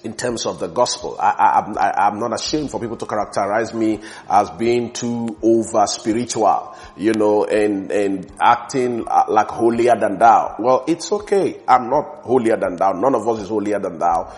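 A man's voice: lowish voice, moderate pace, few pauses. A man preaching a sermon in an earnest, repetitive way, often restarting his words and building emphasis.

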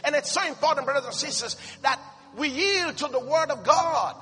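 A male preacher with a very high, bright voice delivers a slow, emphatic sermon. The sound carries a long hall reverb with faint music behind him. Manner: emphatic preaching, declaring blessings. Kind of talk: sermon with Bible reading.

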